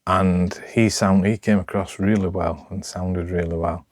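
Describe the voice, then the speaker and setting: Slow, deep-voiced Sheffield man rambling. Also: fairly even intonation, no room sound, studio quality. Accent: Sheffield, Yorkshire. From Sheffield, England. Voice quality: rough, broad local speech. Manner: rambling, halting, many restarts. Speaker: vlogger. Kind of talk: unscripted talk to camera.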